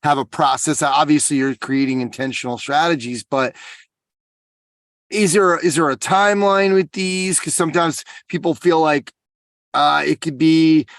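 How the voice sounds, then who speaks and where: A man's voice: a little high, moderate pace, fairly bright tone, no echo. A man hosting a podcast, reacting to the guest and asking questions with some hesitation. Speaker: podcast host. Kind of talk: casual interview.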